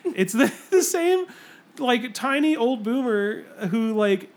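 A man's voice: extremely high pitch, expressive, takes it slowly. A young man co-hosting a podcast, chatting casually and laughing often as he tells stories. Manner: laid-back, laughs often. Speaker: podcast co-host.

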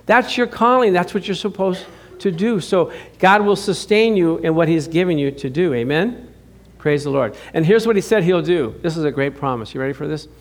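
A man's voice: a little high, normal speed. A middle-aged man preaching a sermon as pastor, chatty and joking with his congregation, rising to emphatic declarations.

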